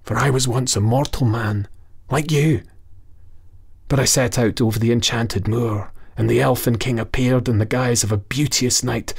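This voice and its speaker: A man's voice: mid-range voice, steady tone, moderate pace, gravelly, slightly rough, voice pushed up. A man voicing a sorrowful, wrinkled old goblin who was once a mortal, in a storybook reading, wailing and whispering. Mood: wailing lament.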